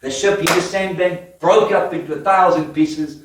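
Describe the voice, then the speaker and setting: Guy preaching, kinda high voice, lively storyteller, big echoey church sound from a far mic. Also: moderate pace. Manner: lively storytelling with laughs and questions to the congregation. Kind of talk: sermon. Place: church hall. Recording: echoey church hall from afar.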